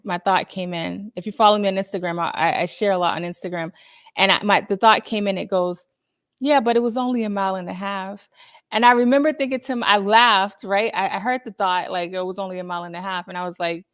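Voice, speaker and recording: A woman's voice: medium pitch, no echo, studio quality. A woman therapist giving a casual, upbeat self-help talk that is full of asides and acted-out quotes of people's thoughts.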